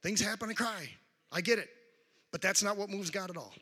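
A man preaching a sermon as a guest speaker, calling out questions to the congregation and animated in delivery. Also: high-pitched, fairly quick, slightly rough, in a large hall. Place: church sanctuary.

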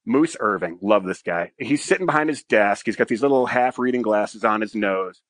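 A middle-aged man, a pilot and podcast guest, telling a crude story in a casual, animated way and tagging lines with "right?". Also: fairly low pitch, normal speed, no room sound.

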